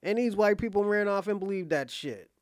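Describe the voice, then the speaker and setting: High-voiced blunt man ranting. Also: animated, fairly quick, dry recording, studio quality. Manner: blunt and profane, repeats that he is being honest; laughs between lines. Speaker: online commentator. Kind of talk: casual rant to viewers.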